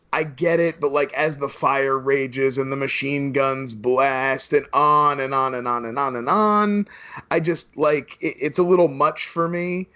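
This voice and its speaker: A man's voice: mid-range voice, a bit bright. Wry podcast man on a lo-fi laptop. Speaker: podcast co-host. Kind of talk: casual chat. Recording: dull lo-fi laptop call audio.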